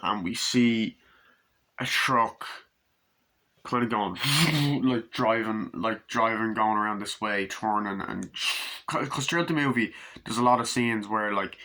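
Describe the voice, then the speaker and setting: Speaking slowly in a sharp tone, a man rambles through a casual movie review, cursing freely and acting out scenes in high, put-on voices. It's captured on a camera mic.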